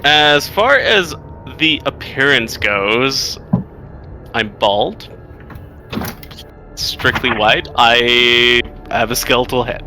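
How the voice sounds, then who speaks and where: Slow, playful male tabletop player. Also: medium pitch. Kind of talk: tabletop role-play chat.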